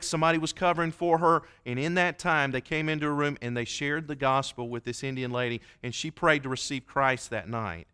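A man's voice: fairly high pitch, bright, forceful tone, clear, resonant tone. A man preaching a sermon, telling a story in an earnest, folksy way. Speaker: pastor. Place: church.

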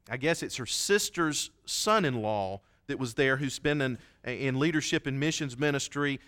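A preacher delivering a sermon in a church, his bright, tense voice sitting a little high for a man. He tells stories in an earnest, folksy way, warm with the congregation. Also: clear, resonant tone. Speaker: pastor.

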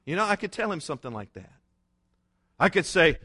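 A male pastor preaching a sermon, emphatic, with dramatic pauses and acted-out quotes. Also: on the high side, very animated, pushed and bright, husky.

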